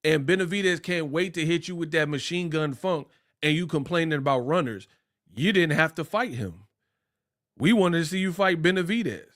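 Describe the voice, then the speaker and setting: With a slightly high voice and moderate pace, this Bay Area, California commentator delivers a casual rant on boxing. His style is animated and full of slang, and he mocks people by imitating their voices in quotes.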